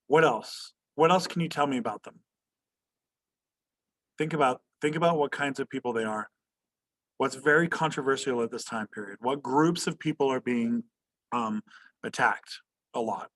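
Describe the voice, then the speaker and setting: A man's voice: medium pitch, normal speed, long pauses, a bit bright. A male history teacher lecturing an online class over a video call. He keeps quizzing students and tags his statements with "right?". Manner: asks students questions, tags "right?" often.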